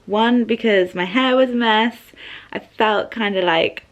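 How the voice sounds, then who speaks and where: A woman's voice: fairly high pitch, a little slow, dull audio. A woman in her thirties from the UK, chatting casually to camera in a vlog from her couch at home, giggling as she goes. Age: 30s. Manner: chatty, giggly, often laughing. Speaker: vlogger.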